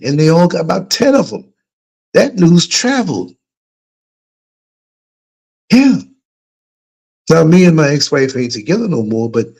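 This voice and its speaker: A middle-aged man hosting a livestream, telling a story casually and putting on higher voices for the people he quotes. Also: darkish tone. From United States. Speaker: livestream host. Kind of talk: casual storytelling to a live chat.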